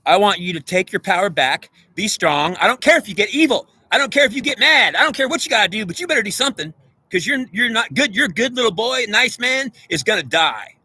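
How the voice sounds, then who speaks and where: A man's voice: sits high, sing-song, fairly quick, sharp tone, husky, no echo. A man delivering an intense, profane spiritual monologue straight at the viewer, lecturing and repeating himself. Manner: preachy, profane, repetitive, lecturing. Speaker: self-styled spiritual speaker.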